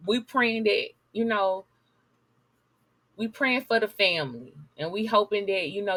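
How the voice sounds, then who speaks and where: A woman's voice: mid-range voice, sharp tone, dry recording. A woman giving blunt, sassy commentary while reading news articles aloud to her viewers.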